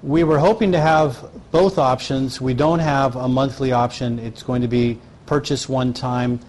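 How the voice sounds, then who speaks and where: A man's voice: mid-range voice, steady tone, measured pace, a little mellow, slight background noise. A man presenting at a live question-and-answer session, often stopping and restarting mid-sentence.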